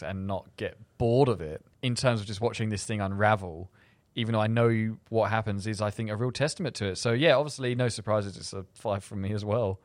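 Low-voiced man praising a film. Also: dry recording. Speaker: film review panelist. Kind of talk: casual film review chat.

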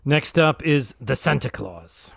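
A man hosting a casual chat, briskly reading out the players' scores. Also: mid-range voice, lively intonation, gravelly, a bit bright, slight background noise. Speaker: podcast host running a game.

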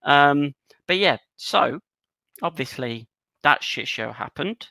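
A man co-hosting a football chat show, his voice higher than most and swinging widely in pitch. He sounds bright and a little tense, and the recording is close and dry. He jokes and puns his way through the news. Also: lively intonation, slow pace, creaky, no room sound. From Cyprus. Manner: jokey, laughs often, punning. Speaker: podcast co-host.

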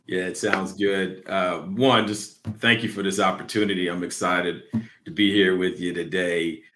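A male guest on a panel with a very low voice. He speaks in a friendly, measured way about his work. His answers are calm and steady. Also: a little hiss or hum. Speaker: guest, logistics executive. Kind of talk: panel interview.

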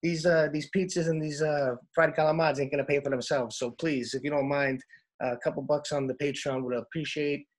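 A man's voice: fairly even intonation, brisk, close to an everyday voice. A man putting on a New York accent as a pushy, slangy guy plugging the show's pages in a comic bit. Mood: pushy, jokey. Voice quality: streetwise, slangy, pushy sales pitch.

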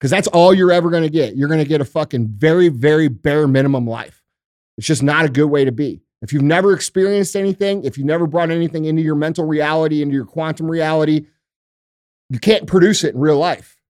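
A man's voice: a little high, fast talker, darkish tone, no echo, clean studio sound. A man hosting a podcast in casual chat, blunt and heavy on swearing, ranting with motivational conviction. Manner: blunt, profane and emphatic. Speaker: podcast host.

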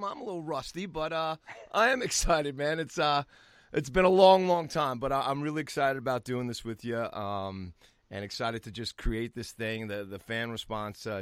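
A man co-hosting a casual sports podcast, energetic and chatty, often repeating words as he starts a thought. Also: lowish voice, smooth, no room sound. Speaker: podcast co-host.

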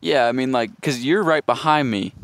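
A young man guesting on a podcast, speaking haltingly with lots of fillers. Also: mid-range voice, fairly bright tone. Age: young adult. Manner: halting, uses many fillers. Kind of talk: casual chat.

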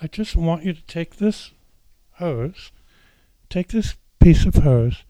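A man's voice: fairly high pitch, lively intonation, slow pace, dry recording, pitched above the performer's own voice. A man voicing a coaxing female facilitator. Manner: gently insistent.

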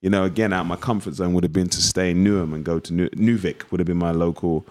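Talking quickly in a low voice, this actor guest from East London, England, carries the area's local accent. In the interview he tells stories with animation, acting out conversations from the past.

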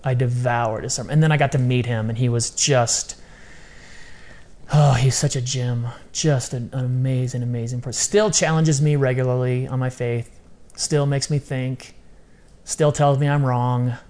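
A middle-aged man talking as a podcast guest in casual interview chat, animated and repeating phrases for emphasis. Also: mid-range voice, moderate pace. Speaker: podcast guest, ministry founder.

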